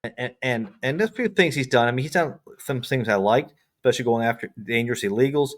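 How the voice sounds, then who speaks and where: A man speaks in loose, conversational bursts about politics, often stammering and restarting his sentences. His voice sits at an ordinary middle pitch. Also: quick pace. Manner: repeats words, stumbles and restarts. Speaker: guest. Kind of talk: casual political chat.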